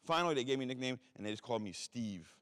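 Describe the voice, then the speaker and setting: An animated mid-range voice with a fairly bright tone belongs to a Philadelphia guest speaker in his forties. With his East Coast accent, he tells stories in rapid, blunt, heavily profane street talk, and the recording carries the echo of a large hall.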